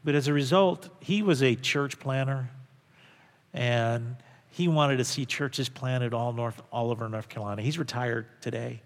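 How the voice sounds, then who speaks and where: Earnest and emphatic, a pastor delivers a sermon from the pulpit at normal speed, repeating phrases to drive each point home. The long reverb of the church sanctuary surrounds his mid-pitched voice.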